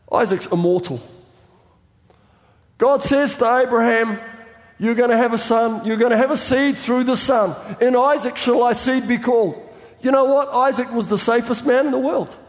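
High-voiced fervent preacher in echoing hall. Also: male voice. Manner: fervent, builds to shouting. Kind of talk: sermon. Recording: long reverb of a large hall.

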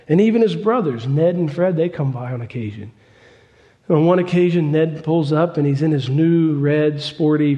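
A man preaching a storytelling sermon, folksy and emphatic and fond of repeating himself. His voice is mellow and dark, set slightly high. A long reverb hangs on every phrase.

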